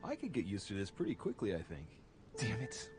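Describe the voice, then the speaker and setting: A man's voice: on the low side, huge pitch swings, a little fast, music in the background. An actor playing a young nobleman with a French accent, brooding and urging himself to hold together after learning he is a demon, in a video game. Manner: brooding inner monologue, self-urging. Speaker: game character.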